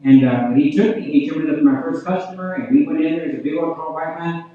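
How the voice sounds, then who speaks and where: Fast-talking preacher in an echoey hall. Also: male voice, on the high side. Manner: addresses the crowd often, repeats "you know what I mean?". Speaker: preacher giving testimony. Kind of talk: revival testimony. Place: large church hall. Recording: tinny, very echoey hall from far off.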